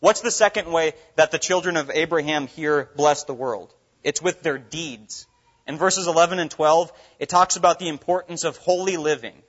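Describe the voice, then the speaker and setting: A man's voice: a little high, normal speed, fairly bright tone. Earnest male pastor preaching, dull lo-fi. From Minnesota. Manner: earnest preaching with rhetorical questions. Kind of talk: sermon. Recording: dull lo-fi recording.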